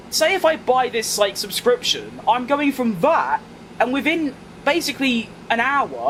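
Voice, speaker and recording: This English gaming streamer, a young man with a London accent, reads his chat aloud with wry self-mockery while casually playing a racing game. His voice is extremely high and slightly bright, and a little hiss or hum can be heard.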